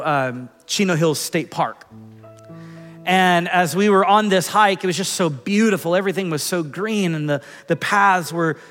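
High-voiced pastor in reverberant hall. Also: male voice. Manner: earnest, conversational storytelling with repeated words. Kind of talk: sermon with personal story.

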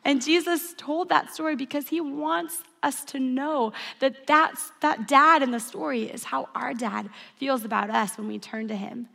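At a church service, a thirty-something woman preaches earnestly in a high, bright voice with vocal fry, keeping a measured pace with hardly any pauses. She weaves in stories and leads call-and-response, her words trailing in long hall reverb.

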